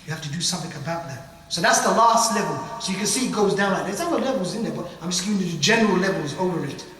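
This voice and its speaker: A man's voice: sits high, very fast. A man giving an informal religious lecture on ruqya, acting out dialogues and dropping in Arabic phrases. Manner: animated, acts out dialogues, uses Arabic phrases. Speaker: ruqya teacher. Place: mosque hall. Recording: echoey hall from far off, faint noise.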